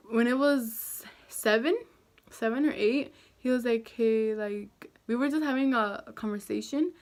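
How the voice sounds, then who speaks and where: A woman's voice: on the high side, a little mellow. Chatty young woman telling a breakup story. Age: young adult. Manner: chatty, filler-heavy, self-deprecating. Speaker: vlogger. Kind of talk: casual storytime vlog.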